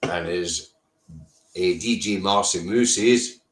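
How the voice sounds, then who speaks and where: A man's voice: deep voice, slow pace. A man with a Scottish accent hosting a casual live stream, blunt and sweary, answering viewers' comments by name. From Scotland. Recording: roomy echo.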